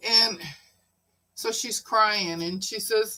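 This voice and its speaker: Bright-voiced woman host, slow easygoing delivery, casual live-stream storyteller. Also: fairly low pitch, lively intonation, rough recording. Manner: chatty, laughs often while telling stories. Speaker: livestream host.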